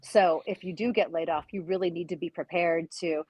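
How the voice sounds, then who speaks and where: A woman's voice: lowish voice, fairly even intonation, a little fast, no echo, lo-fi sound. A woman co-hosting a podcast, giving direct, emphatic advice in casual chat. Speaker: podcast co-host.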